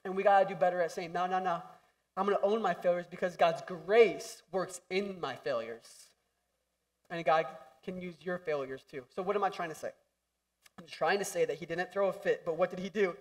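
A young man preaching a lively, jokey sermon in a church hall, acting out voices and shouting for emphasis. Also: sits high, normal speed, recorded from a distance. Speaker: pastor.

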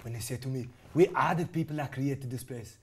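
A man's voice: medium pitch, brisk, creaky, breathy edge. A man playing a boastful middle-aged action-film star guest with a put-on accent who keeps repeating his catchphrase, in a student comedy sketch.

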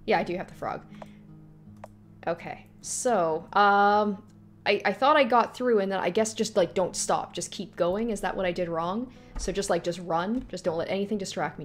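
A woman's voice: medium pitch, normal speed, soft background music. A woman streaming a horror game, reacting with sudden jumps and reading the on-screen text aloud to herself. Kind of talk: live gameplay commentary.

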